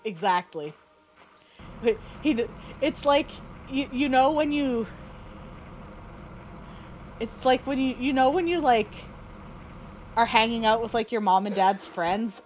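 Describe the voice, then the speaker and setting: A woman streamer chats casually while playing a game, rambling with many fillers and restarts. Her voice sits in the mid range, and the low-quality recording carries slight background noise.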